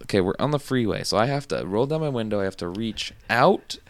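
A young man recounts a wild night to his friends on a casual podcast, his voice low and smooth. He tells it with energy and acts out the quotes. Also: a little fast. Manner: animated storyteller, acts out quotes. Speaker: podcast co-host. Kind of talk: casual storytelling among friends.

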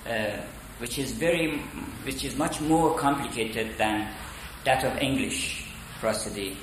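A man giving a spoken lecture on poetry, deliberate and halting with many fillers. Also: medium pitch, noisy background. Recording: echoey room.

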